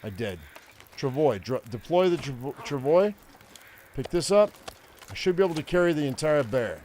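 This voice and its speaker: An older man talks over his game in a loose, rambling way, cursing often and restarting his sentences. His voice sits a little higher than most men's, with a faint wash of noise behind it. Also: lively intonation, normal speed, darkish tone. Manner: profane, ranting, rambling with many restarts. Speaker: gaming streamer. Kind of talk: casual gameplay commentary.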